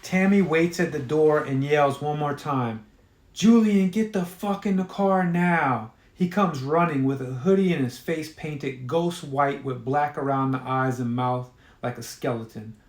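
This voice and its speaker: A man's voice: mid-range voice, unhurried, hardly any pauses. A man reading his own horror story aloud in a casual storytelling manner, with occasional fillers. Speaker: author. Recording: roomy echo.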